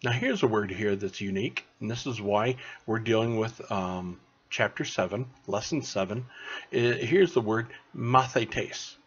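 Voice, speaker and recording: A man tutoring beginners through a recorded online language lesson, slow and patient, checking in with "okay?" after each point. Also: fairly low pitch, breathy edge, muffled recording. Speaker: Greek tutor.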